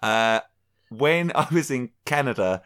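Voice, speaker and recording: A young adult Irish man telling an embarrassing story on a podcast, animated and swearing freely. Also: medium pitch, unhurried. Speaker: podcast co-host. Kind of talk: casual storytelling chat.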